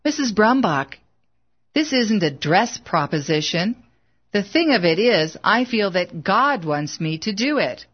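A woman's voice: medium pitch, sing-song, measured pace, husky, muffled recording. A woman reading as an earnest young preacher. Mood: pleading. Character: earnest young preacher, humble, mild-mannered man.

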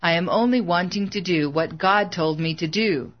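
A narrator doing a stubborn preacher man in an audiobook, earnest and unbending, his words measured and slow when he turns grave. The sound is dull and lo-fi. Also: sits high, natural voice. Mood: firm. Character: stubborn middle-aged male preacher. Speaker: evangelist.

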